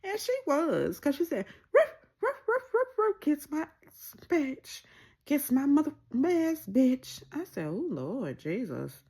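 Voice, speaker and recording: Casual woman recapper, gravelly and husky, slow and animated. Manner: animated, acts out quoted lines with pitch jumps. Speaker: reality TV recap vlogger.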